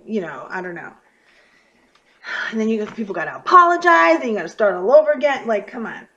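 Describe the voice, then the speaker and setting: A woman giving a casual astrology and tarot reading to her viewers, talking emphatically and swinging from quiet murmurs to loud bursts. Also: fairly high pitch, big pitch swings, a little fast, dull audio. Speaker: tarot reader.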